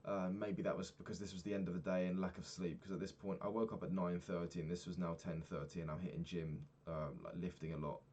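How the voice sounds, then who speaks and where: A young man, a personal trainer, candidly recapping his week and swearing freely, getting animated when retelling annoyances. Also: sits low, fast talker, few pauses, breathy edge. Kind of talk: casual vlog recap.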